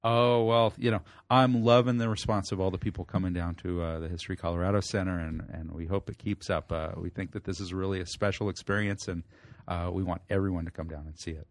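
A guest historian speaks in a very low voice. He is upbeat and promotional in casual chat. The sound is dry and close. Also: fairly even intonation, fast talker, no echo.

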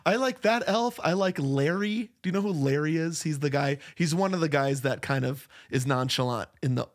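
A man's voice: fairly high pitch, normal speed. A man co-hosting a podcast, chatting casually about a movie and laughing often. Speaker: podcast co-host. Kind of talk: casual movie-review chat.

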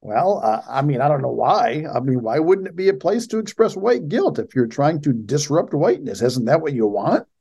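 Male host, sarcastic commentary, lively swooping pitch, mellow tone. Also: moderate pace, vocal fry, few pauses, breathy edge. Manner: mocking, sarcastic asides. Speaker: show host. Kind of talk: sarcastic commentary on a news article.

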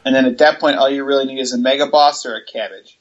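A man's voice: mid-range voice, fairly even intonation, quick pace. A man with a mid-range voice explains things steadily in a casual chat, running through lists with some fillers. His audio is dull and lo-fi.

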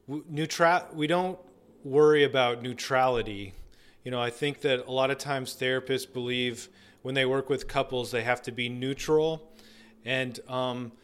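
A man's voice: mid-range voice, fairly bright tone, clean tone. A man working as a couples therapist, earnestly explaining his approach with frequent ums and restarts.

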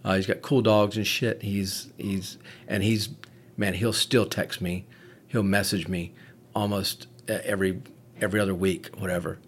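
A man's voice: sits low, little pitch movement, normal speed, husky. Candid, swearing male medic. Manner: candid, profane storytelling. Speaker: podcast host, medic. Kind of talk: casual conversation.

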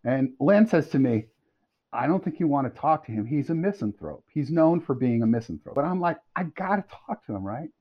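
Middle-aged male podcast guest, lively storyteller, swings pitch a lot, dull lo-fi sound. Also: fairly quick. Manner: animated, laughing storyteller. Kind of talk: storytelling anecdote. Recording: dull lo-fi audio.

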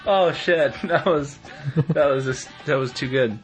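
A man's voice: mid-range voice, normal speed, soft background music, poor audio. A man hosting a casual podcast, joking around and rambling, often correcting himself. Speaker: podcast host. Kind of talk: casual chat.

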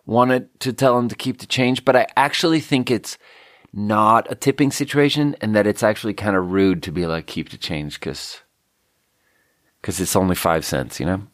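A man's voice: fairly low pitch, normal speed, dry recording. Rambling man from Sweden, dry close mic. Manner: casual, meandering, lots of "like". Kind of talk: rambling solo monologue.

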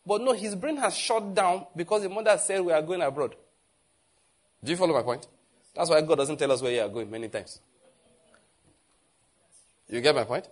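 A man with a Nigerian accent preaching a sermon, animated and asking the congregation questions. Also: on the high side, fairly quick, long pauses. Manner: animated, asks the audience questions.

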